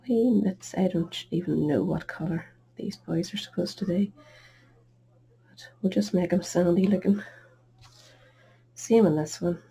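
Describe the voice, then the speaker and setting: Middle-aged woman, low gravelly voice, chatty self-deprecating crafting host at her table. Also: warm tone. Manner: chatty, self-deprecating, talks while working. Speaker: card-making tutorial host. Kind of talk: casual crafting tutorial.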